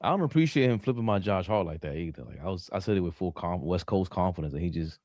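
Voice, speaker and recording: A man's voice: low-pitched, expressive, fast talker, a little mellow, dry recording. A man hosting a live basketball reaction show, making dry jokes and sign-offs. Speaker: podcast host. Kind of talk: casual sports reaction chat.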